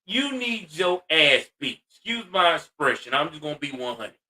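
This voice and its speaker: A man's voice: on the high side, very animated, normal speed, bright, forceful tone, far from the mic. A man ranting in blunt, profane social commentary, exasperated and direct. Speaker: commentary host.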